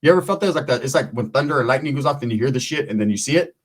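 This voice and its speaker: A man's voice: mid-range voice, expressive, very fast. A man telling a long, profane, rambling story in casual talk, acting out the other people in it.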